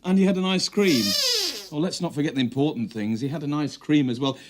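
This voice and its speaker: A man's voice: a little high, a little fast. A man with a British accent presenting a children's show, talking playfully and patiently to a puppet. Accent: British English. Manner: animated, teasing, patient.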